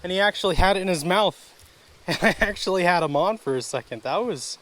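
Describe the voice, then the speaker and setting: High-voiced man vlogging at a creek. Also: lively intonation, fairly quick, fairly bright tone. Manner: chatty, easily frustrated, talks to viewers as folks and guys. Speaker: fishing vlogger. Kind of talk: casual outdoor vlog narration. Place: outdoors at a wooded creek.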